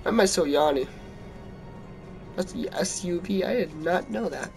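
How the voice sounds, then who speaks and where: Yawny guy with a high voice chatting over a city game, music playing behind. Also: moderate pace, gravelly. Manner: chatty, reads in-game text aloud, yawny and relaxed. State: tired, yawning. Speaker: gameplay commentator. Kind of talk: casual game commentary.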